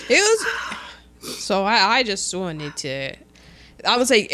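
Young woman, podcast co-host, casual film recap, lively swooping pitch, bright tone, unhurried. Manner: animated, laughs often, acts out quotes.

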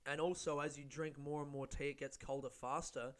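This solo podcast host speaks fairly quickly with a flat delivery and a voice on the high side. He rambles casually into a studio-style mic, swearing heavily and making fun of himself.

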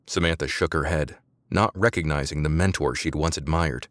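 A man narrating a sci-fi spy novel in a measured, dramatic scripted reading. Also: rumbling low, fairly bright tone, no echo.

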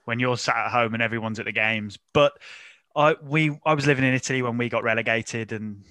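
Podcast host, man, bright tone, dry close mic, teasing and jokey. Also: mid-range voice, fairly quick, no echo. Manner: joking, teasing, laughs often. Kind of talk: casual football podcast chat.

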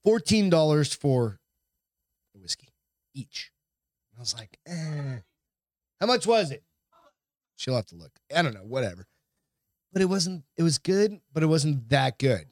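A man co-hosting a laid-back podcast, his voice sitting a bit high for a man. He rambles through stories and swears freely, and the sound is close and dry. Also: big pitch swings, unhurried, pauses often, no room sound. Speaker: podcast co-host. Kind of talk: casual chat.

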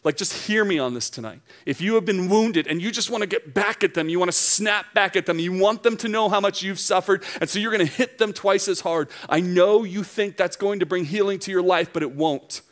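Earnest preaching man, slightly high voice. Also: fairly quick, few pauses, fairly bright tone. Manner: earnest, emphatic preaching with repeated phrases. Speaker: young adults pastor. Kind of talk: sermon.

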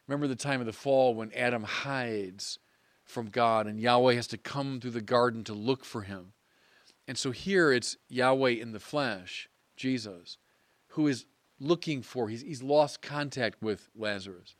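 A priest preaching a sermon in an earnest, measured way with emphatic pauses. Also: male voice, medium pitch, no echo.

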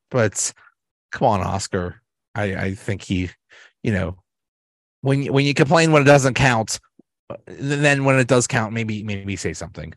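A man's voice: medium pitch, dry recording. Chatty man rambling through episode recaps. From Pittsburgh area, US. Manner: rambling, with many restarts and chuckles, briefly mimicking characters. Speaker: podcast host. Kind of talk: casual recap and ranking of sitcom episodes.

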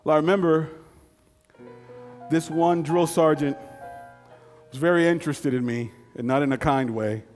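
A man in his fifties telling a personal story in a folksy, conversational way with dramatic pauses. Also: fairly high pitch, a little mellow, long reverb tail, soft background music.

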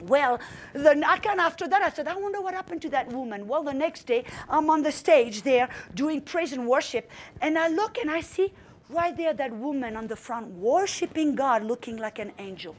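A woman's voice: high-pitched, animated, normal speed. A middle-aged woman preaching a sermon, telling a story with fervent emphasis and commanding outbursts. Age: young adult in 1994, now middle-aged.

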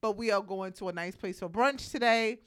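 A woman's voice: medium pitch, moderate pace, a bit bright, smooth. Joking woman radio co-host. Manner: joking, laughing, teasing. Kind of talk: casual radio banter. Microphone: studio microphone.

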